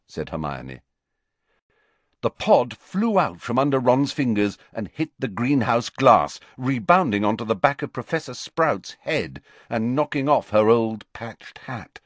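A man narrating an audiobook in an expressive, measured storytelling manner. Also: fairly low pitch, no room sound.

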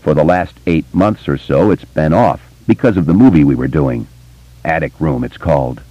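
A man voicing a quiet, thoughtful grown man who speaks low and measured. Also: no room sound, lo-fi sound. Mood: plain.

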